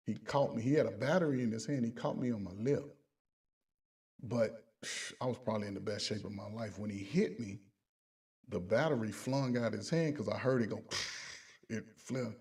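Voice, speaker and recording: A man's voice: on the low side, moderate pace, darkish tone, breathy edge, distant mic. A middle-aged man, a coach, telling a story from his army days in casual talk, acting out the voices and sound effects.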